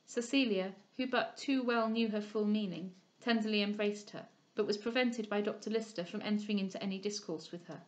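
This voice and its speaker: Expressive woman reading a classic novel. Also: mid-range voice. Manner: expressive, measured storytelling. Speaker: audiobook reader.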